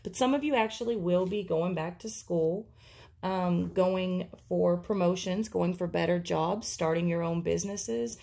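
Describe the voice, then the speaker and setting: A woman's voice: fairly low pitch, unhurried, creaky, warm tone. A woman giving an intuitive tarot reading, talking casually and thinking aloud with many fillers. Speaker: tarot reader.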